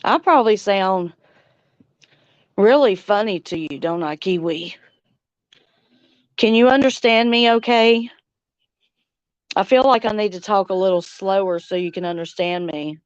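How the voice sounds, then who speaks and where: A middle-aged woman from Louisiana with a Southern accent, chatting casually on a livestream and reading comments, slow and drawling, laughing often. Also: mid-range voice, clean tone, no echo, lo-fi sound. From Louisiana, United States. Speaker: livestream host. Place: outdoors on a front porch swing.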